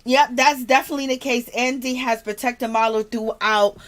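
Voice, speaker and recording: Chatty gossiping woman, higher voice. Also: steady tone, moderate pace, a bit bright. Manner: chatty, gossipy, addresses viewers as girl. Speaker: commentary channel host. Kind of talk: casual recap chat reading viewer comments.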